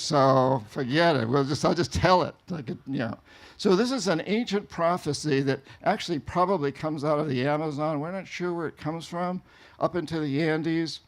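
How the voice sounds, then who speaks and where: A man from New England telling a travel story to an audience in an animated way, laughing often. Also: on the high side. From New England, USA. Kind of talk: storytelling talk.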